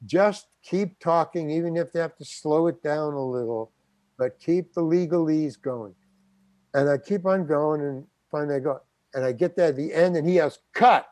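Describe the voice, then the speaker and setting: Older guy spinning a yarn, slightly high voice, acts out the lines, dry close sound. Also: normal speed, no echo. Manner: animated storyteller acting out quotes. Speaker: guest actor. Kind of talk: anecdotal storytelling.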